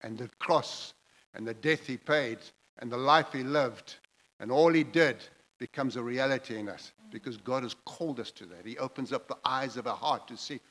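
A man's voice: medium pitch, moderate pace, fairly bright tone, rough recording. A man preaching a sermon, emphatic and repetitive, building his phrases in intensity as he goes.

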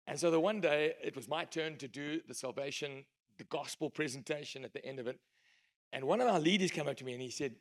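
A man preaching a sermon, emphatic storytelling that swings between loud and hushed. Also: medium pitch, fast talker.

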